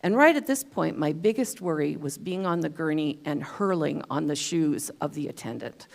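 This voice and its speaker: A woman's voice: low-pitched, lively intonation, moderate pace, creaky. A woman giving a talk at a spiritual center, telling a personal story in a chatty way with self-deprecating humor. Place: church hall.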